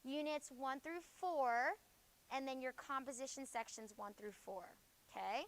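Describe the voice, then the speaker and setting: Over poor audio, a woman runs a junior high grammar review in a classroom, firing quick questions at the class and finishing her points with "okay?".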